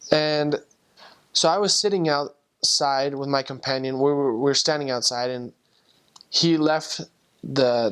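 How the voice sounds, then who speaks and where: A young man with a voice of ordinary middle pitch tells a personal story from his missionary days. He speaks earnestly and from the heart, and often stumbles and restarts as he goes. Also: fairly bright tone, smooth. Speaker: returned missionary.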